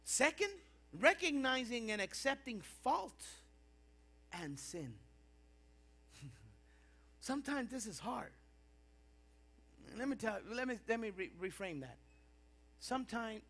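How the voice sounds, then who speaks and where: High, bright-voiced preaching man. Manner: impassioned preaching with rising and falling intensity. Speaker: pastor. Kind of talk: sermon. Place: church.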